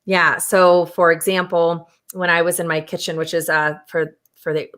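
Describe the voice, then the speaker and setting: A woman with a bright, clear voice hosts a podcast. She tells stories about her own day in an animated, conversational way, laughing often and acting out her own inner dialogue. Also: lowish voice, normal speed. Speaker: podcast host. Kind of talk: casual conversational storytelling.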